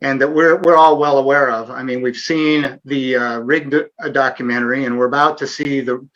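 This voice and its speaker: A man's voice: medium pitch, fairly even intonation, moderate pace, a bit bright, dull audio. A middle-aged man hosting a live online Q&A, talking earnestly with sarcastic asides and frequent fillers. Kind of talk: casual livestream interview.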